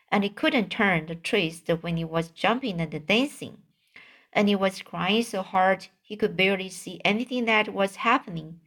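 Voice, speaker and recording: A woman narrating a children's storybook at an unhurried, deliberate pace. Her reading is careful and plain, with the odd stumble where she goes back and restarts a word. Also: mid-range voice, fairly bright tone. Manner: slow, careful reading with occasional slips and restarts. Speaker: audiobook reader.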